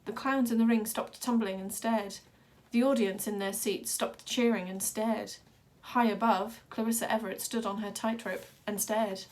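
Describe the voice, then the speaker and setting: A woman reading a children's novel aloud with steady, dramatic narration. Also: mid-range voice, normal speed, few pauses. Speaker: reader. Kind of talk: storybook read-aloud.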